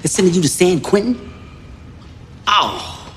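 A man's voice: high voice, unhurried, a bit bright, long reverb tail, slight background noise. An actor playing a blunt, exasperated streetwise man in film comedy dialogue, brash and profane.

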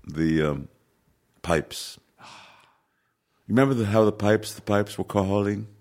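A man's voice: fairly low pitch, measured pace, darkish tone. A man chatting casually as a podcast guest, rambling with frequent restarts and repeated words. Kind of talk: casual conversation.

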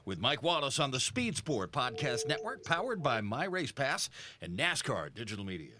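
A man co-hosting a podcast, chiming in quickly during casual chat. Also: medium pitch, background noise. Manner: lively, quick interjections. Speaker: podcast co-host. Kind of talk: casual talk show chat.

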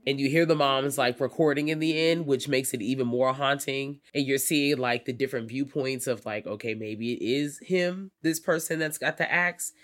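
A podcast co-host chatting casually about found footage films, swearing freely and leaping higher when acting out reactions. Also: normal speed, few pauses. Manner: animated, profane, leaps high when acting out reactions. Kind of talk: casual film review chat.

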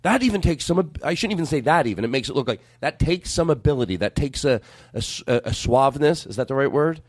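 Rambling, animated male comedy host. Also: medium pitch, fast talker, no room sound, studio quality. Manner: rambling, self-deprecating, trips over words. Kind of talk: casual comedic chat.

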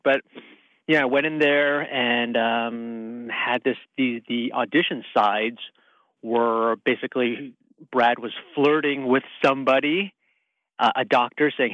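A man's voice: mid-range voice, moderate pace, fairly bright tone, dry recording. Male phone-in guest, rambling and self-deprecating, on a dull lo-fi line. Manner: rambling storyteller, laughs at himself. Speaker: guest actor. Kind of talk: casual interview chat. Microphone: phone call.

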